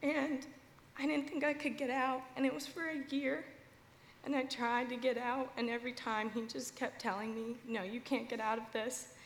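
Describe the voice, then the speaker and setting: Tearful young woman, high voice, echoey church. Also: flat delivery, normal speed, slight background noise. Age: 20s. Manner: tearful, earnest, shaky. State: crying. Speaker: church member giving testimony. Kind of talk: emotional testimony at church service. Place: large church with balcony. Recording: echoey church hall with long reverb.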